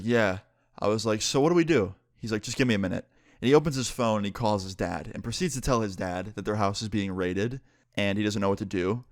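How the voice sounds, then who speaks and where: A man's voice: fairly low pitch, dry recording, clean studio sound. A young man from New York state telling a personal story casually, acting out quoted dialogue and leaning on "like" a lot. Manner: animated retelling with lots of "like" and quoted dialogue.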